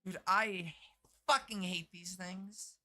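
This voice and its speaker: A woman's voice: lowish voice, steady tone, takes it slowly, bright, forceful tone. A woman game streamer chatting casually on a live stream, swearing freely and answering her chat.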